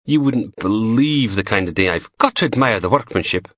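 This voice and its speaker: A male narrator voicing a worn-out, unfit detective sergeant who grumbles gruffly. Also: lowish voice, expressive, moderate pace, fairly bright tone, no room sound, pitched above the performer's own voice. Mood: grumbling.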